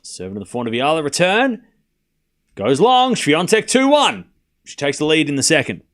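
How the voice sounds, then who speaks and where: A man's voice: on the high side, huge pitch swings, moderate pace, fairly bright tone. A man livestreaming casual tennis play-by-play, calling scores and bantering animatedly with his chat.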